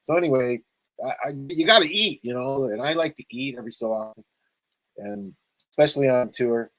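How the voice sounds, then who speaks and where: A man's voice: medium pitch, fairly quick, fairly bright tone, poor audio. A man from Los Angeles hosting his own show, chatting loosely and rambling over a video call, with easy laughs. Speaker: talk show host. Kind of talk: casual video call chat.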